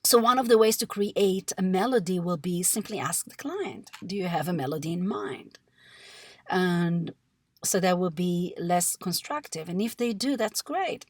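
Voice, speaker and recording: A music therapist with a somewhat low, slightly mellow voice and lively intonation explains a technique in an instructional presentation. She speaks in a measured, explanatory way with small fillers. The recording is dry and close, without room sound.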